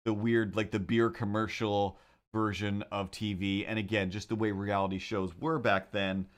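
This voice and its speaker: A man's voice: lowish voice, little pitch movement, normal speed. Guy hosting a drawing stream, rambly and sarcastic, keeps restarting sentences. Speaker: host of a drawing livestream. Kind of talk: casual chat.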